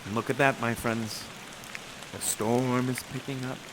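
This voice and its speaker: A man's voice: medium pitch, fairly even intonation, unhurried, background noise. A man acting and hosting an interactive Shakespeare show, reciting verse and cheering on his audience in an effusive, encouraging way, on a headset mic with music behind. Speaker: actor and host of an interactive theater show.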